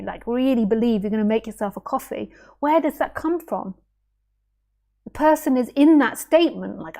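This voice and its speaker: Playful woman musing on non-duality. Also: fairly high pitch. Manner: playful, animated, acts out little voices and sound effects; musing, asks rhetorical questions. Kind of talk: spontaneous spiritual talk.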